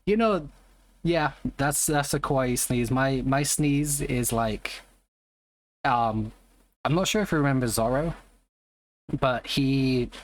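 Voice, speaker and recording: A live streamer in casual chat, rambling and greeting viewers by name. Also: medium pitch.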